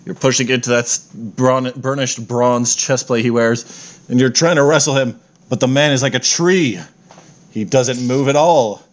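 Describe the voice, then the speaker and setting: A man runs a tabletop game as game master. His narration is playful, and he often stops to correct himself. His voice sits at an ordinary middle pitch. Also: steady tone, moderate pace.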